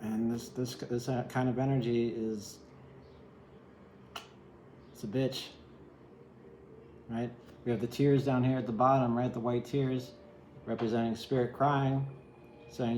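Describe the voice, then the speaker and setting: A man's voice: medium pitch, level tone, measured pace, pauses often, a little mellow, echoey room, slight background noise, low-quality recording. A man giving a casual, rambling tarot reading, candid and sometimes swearing. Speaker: tarot reader.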